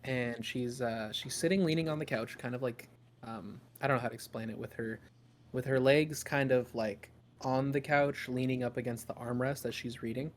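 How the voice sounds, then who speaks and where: A man's voice: medium pitch, steady tone, moderate pace, a little hiss or hum. A man narrating a tabletop game as game master, in a loose, improvised storytelling way with fillers.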